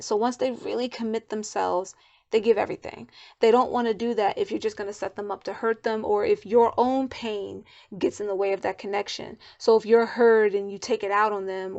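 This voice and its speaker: A woman's voice: on the high side, a little mellow, lo-fi sound. A woman doing a casual oracle card reading and deck walkthrough, chatty and loose, with fillers and asides.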